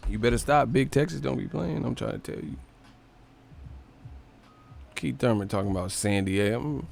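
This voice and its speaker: A man's voice: on the low side, fairly quick, creaky, long pauses. A man hosting a live stream, ranting casually about boxing with a lot of swearing. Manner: profane, ranting, animated.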